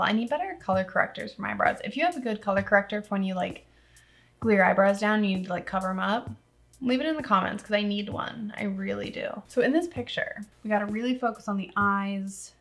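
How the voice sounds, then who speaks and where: A woman's voice: mid-range voice, fairly bright tone. Chatty young woman doing a makeup tutorial. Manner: rambling, self-deprecating, talks to viewers. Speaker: makeup vlogger. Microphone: camera on a tripod.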